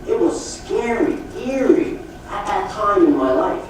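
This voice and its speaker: A middle-aged man giving a motivational sales talk at a conference, telling folksy, animated stories. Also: high-pitched, unhurried. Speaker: sales trainer speaking at a conference. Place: conference hall. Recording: echoey hall from far off with faint noise.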